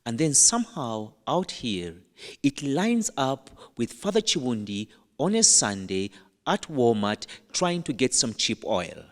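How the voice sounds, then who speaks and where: A man with an African accent delivers a homily as a priest, his voice swinging widely in pitch as he tells a story with playful humor and dramatic pauses. His mid-pitched voice rings out with a long reverb, as in a church. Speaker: Catholic priest. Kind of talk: storytelling sermon.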